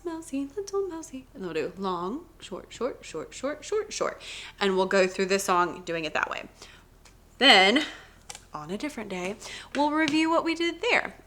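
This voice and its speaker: Animated, bright-voiced woman music teacher. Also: mid-range voice, slight background noise. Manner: chatty, animated, acts out classroom exchanges in a sing-song voice. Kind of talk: casual teaching vlog.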